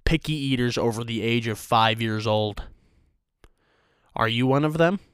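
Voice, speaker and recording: A young man rants through a comedy segment in a crude, profane, deadpan way. His voice is smooth and clear, and it sits dry and close with no room sound. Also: medium pitch, measured pace, dry recording. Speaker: host of a rant show. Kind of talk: comedic rant.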